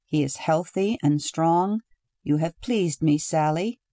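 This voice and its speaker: A woman reading the lines of a calm, precise young husband who speaks in slow, measured words. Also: on the high side, dry recording, clean studio sound. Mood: calm, detached.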